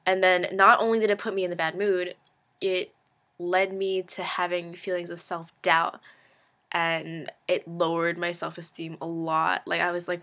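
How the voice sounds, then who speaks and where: A woman's voice: on the low side, little pitch movement, unhurried, a bit bright. A young woman in her late teens talking casually to camera, rambling and self-deprecating, filling her speech with "like" and tossing in frank, sarcastic asides. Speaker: vlogger. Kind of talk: casual confessional monologue.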